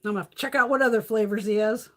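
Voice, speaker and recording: A woman's voice: fairly high pitch, steady tone, rapid-fire. A woman hosting a casual beauty livestream from her phone, telling stories full of swearing and laughter. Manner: profane, laughing storyteller.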